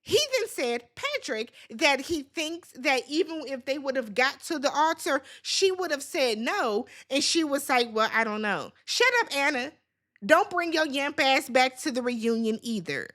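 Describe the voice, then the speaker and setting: A woman's voice: high voice, lively intonation, a little slow, a bit bright. A woman hosting a casual reality TV recap, sassy and blunt, talking straight at the cast members as if scolding them.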